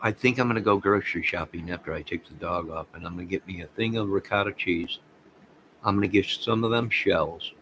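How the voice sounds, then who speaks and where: A man hosting a casual livestream, rambling excitedly and talking to viewers by name. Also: deep voice, fairly quick, slight background noise, low-quality recording. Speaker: livestream host reading chat.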